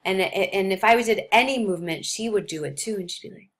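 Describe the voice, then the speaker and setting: A woman's voice: medium pitch, brisk. A woman who teaches nursing, lecturing on a topic and mixing in stories from her own clinical work, with frequent fillers. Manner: explains with personal clinical stories, many fillers. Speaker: nursing instructor.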